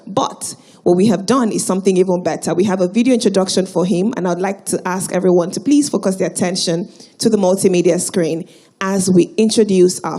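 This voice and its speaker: A woman's voice: mid-range voice, dark tone. Woman hosting a live event. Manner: rousing call-and-response with the crowd. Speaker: event host. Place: large auditorium stage.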